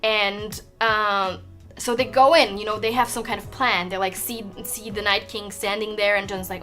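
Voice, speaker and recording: A vlogger who speaks English as a second language rants while doing her makeup, frustrated and swearing, full of fillers and restarts. Her mid-range voice is fairly bright and steady at a moderate pace, with faint music behind.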